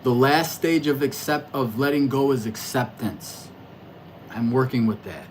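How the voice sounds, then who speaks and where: A man hosting a casual livestream, rambling and reflective, stammering through restarts as he talks loudly and excitedly to his viewers in chat. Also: mid-range voice, unhurried, a little hiss or hum, rough recording. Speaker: livestream host reading astrology charts.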